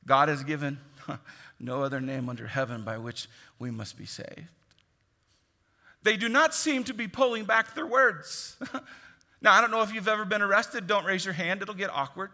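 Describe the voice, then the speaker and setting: Male pastor, higher-pitched and bright, animated sermon delivery, long reverb of a big hall. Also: normal speed. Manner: animated, jokey, acts out quoted voices.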